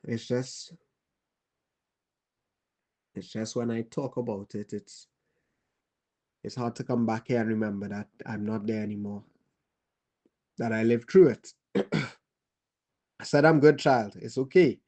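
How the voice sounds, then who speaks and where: A man's voice: medium pitch, a little mellow. A man playing a weary Trinidadian war survivor. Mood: somber. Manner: halting, grave, pauses and restarts. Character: weary male survivor telling a child of war. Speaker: storyteller. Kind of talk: dramatic monologue.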